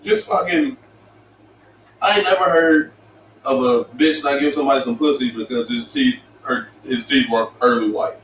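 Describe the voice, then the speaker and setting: A middle-aged man co-hosting a casual podcast, telling profane, animated stories and slipping into voices for the people he quotes. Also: medium pitch, moderate pace, slight background noise. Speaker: co-host. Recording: roomy, distant mic with faint ambience.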